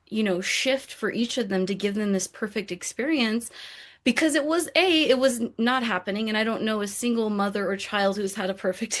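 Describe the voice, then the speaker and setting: Woman, mid pitch, earnest and kinda rambly, lots of "like"s. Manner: earnest, searching, filler-heavy. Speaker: roundtable guest. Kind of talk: candid conversation.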